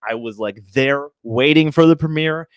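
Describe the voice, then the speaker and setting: A man's voice: on the high side, moderate pace, clear, resonant tone, dry recording. A young man co-hosting a casual livestream, joking easily and talking with loose fillers. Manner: easygoing, joking, frequent fillers. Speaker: livestream co-host.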